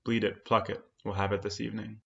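A stern, cold farmer father who speaks in curt commands, read by a man narrating a story. The voice is low and gravelly. The recording is dull and lo-fi. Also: little pitch movement, quick pace, fairly bright tone. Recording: dull lo-fi sound.

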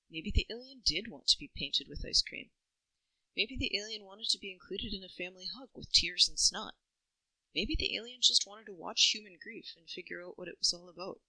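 Woman storyteller, bright and dry, reflective first-person reading. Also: medium pitch, brisk, no room sound, rough recording. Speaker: narrator.

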